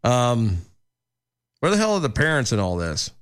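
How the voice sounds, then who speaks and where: A man's voice: mid-range voice, wildly swooping pitch, moderate pace, clean tone. Man co-hosting talk radio. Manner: reads quotes aloud, sarcastic asides. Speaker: radio co-host. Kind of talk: casual talk radio banter, reading news.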